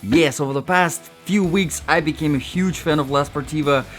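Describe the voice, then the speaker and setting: A man's voice: a little high, normal speed, fairly bright tone, faint music behind. Enthusiastic chatty man reviewing gear. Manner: chatty, enthusiastic, self-correcting asides. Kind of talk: casual product review.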